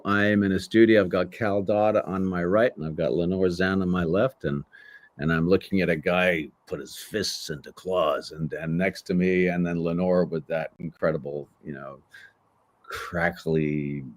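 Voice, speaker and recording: This man in his sixties is a voice actor appearing as a guest in a casual interview. His voice is low and his pace normal, with no room sound. He tells stories animatedly, acting out the voices of the people in them.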